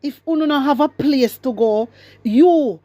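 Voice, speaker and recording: High-pitched Jamaican woman ranting. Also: a little slow, warm tone, no echo. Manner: emphatic, repetitive, patois-heavy. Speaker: commentary vlogger. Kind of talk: casual political commentary.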